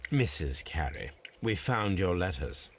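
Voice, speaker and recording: An actor playing a cool, methodical detective who asks precise, measured questions in a video game. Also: male voice, sits low, very animated, slight background noise, heavily acted. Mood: probing. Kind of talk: video game character dialogue.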